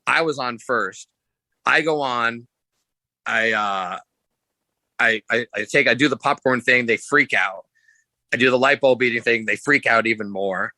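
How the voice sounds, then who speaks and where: Bright-voiced man telling wild stories. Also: a little slow, long pauses, no echo, low-quality recording. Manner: rambling, restarts, acts out quotes with pitch jumps; loose, swears casually. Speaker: podcast guest, sideshow performer. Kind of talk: casual storytelling.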